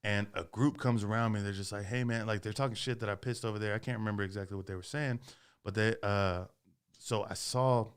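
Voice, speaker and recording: A man casually telling a long, profane story on a podcast, animated and swearing often. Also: fairly low pitch, brisk, clean tone.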